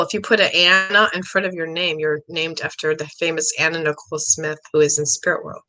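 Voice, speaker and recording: A middle-aged woman hosting a live psychic reading stream, chatty and rambling, excitable, often clearing her throat. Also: sits low, a little fast, few pauses, low-quality recording. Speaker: psychic medium host.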